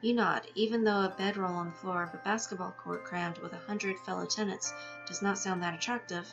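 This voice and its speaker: A woman's voice: fairly low pitch, steady tone, a little fast. A woman reading a text game aloud with her own asides, now and then tripping over words and laughing at herself. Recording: dull lo-fi sound with music behind.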